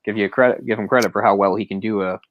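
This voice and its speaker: A man's voice: fairly low pitch, steady tone, quick pace, phone-quality sound. A man co-hosting a movie podcast, rambling and opinionated, often chuckling as he talks. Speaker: podcast co-host. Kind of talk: casual movie discussion.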